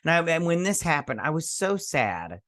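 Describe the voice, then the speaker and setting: A man's voice: a little high, very animated, moderate pace, a bit bright, no echo, clean studio sound. A man hosting a show, casually recapping a TV episode in a rambling way, full of restarts and loose, profane paraphrases. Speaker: host.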